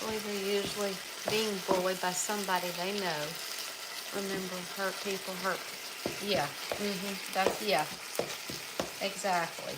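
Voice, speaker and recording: A middle-aged woman talks casually to her live-stream viewers while she cooks, answering their comments and calling them darling. Her voice sits at an ordinary pitch for a woman, and food frying loudly in a pan crackles behind her the whole time. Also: steady tone, measured pace. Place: home kitchen. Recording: loud sizzling cooking noise behind. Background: food frying and sizzling on the stove.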